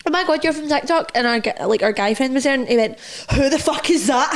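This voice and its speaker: Scottish girl on a podcast, a bit high, tells stories doing everyone's lines. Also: fast talker. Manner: lively storyteller, acts out quotes. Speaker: podcast co-host. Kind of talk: casual chat.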